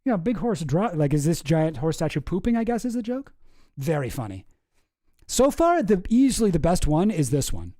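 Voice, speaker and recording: A man's voice: fairly high pitch, big pitch swings, normal speed, dark tone, no echo, clean studio sound. A man hosting a casual comedy commentary, reading cartoon captions aloud in a wry, rambling way and slipping into silly voices. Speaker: host.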